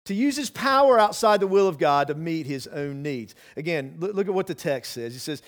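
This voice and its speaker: Male pastor, higher-pitched voice, conversational sermon with many "you know"s and restarts. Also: sing-song, a little fast, hardly any pauses. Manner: earnest, with frequent repeated words and restarts.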